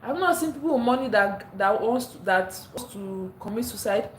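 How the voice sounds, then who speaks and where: A woman from Africa with a mid-range voice and lively intonation hosts a casual livestream at home, speaking at a moderate pace as she chats, reads viewer comments aloud, and laughs often. The sound is roomy with slight background noise, recorded first on a phone and later on a clip-on mic.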